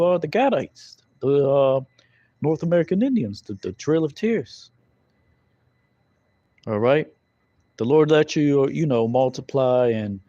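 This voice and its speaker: A man's voice: mid-range voice, warm tone, dry recording. A man teaching scripture in a loose, conversational way, full of fillers and tag questions. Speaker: Bible teacher. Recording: dull lo-fi recording.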